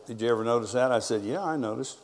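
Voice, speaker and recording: A middle-aged pastor, preaching with a mid-range voice at a quick pace, relates stories by quoting people's words back and forth. The recording has a big-room sound.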